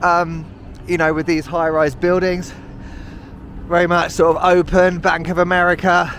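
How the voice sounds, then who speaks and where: A man's voice: high-pitched, little pitch movement, normal speed, fairly bright tone, slight background noise. Chatty British man vlogging on foot. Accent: British English. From United Kingdom. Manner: chatty, self-mocking, sarcastic asides. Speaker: travel vlogger. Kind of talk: walking travel vlog. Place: outdoors on city streets.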